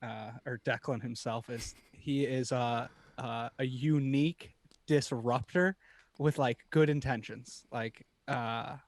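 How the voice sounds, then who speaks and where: A man's voice: medium pitch, steady tone, takes it slowly, dry recording. A young man co-hosting a podcast, talking in a laid-back, casual way. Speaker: podcast co-host. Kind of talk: casual chat.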